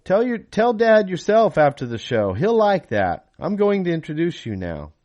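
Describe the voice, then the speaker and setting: A man's voice: high-pitched, big pitch swings, darkish tone, muffled recording, voice pushed up. A man reading his novel aloud and voicing an eager young boy who hurries things along. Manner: quick, eager and urgent.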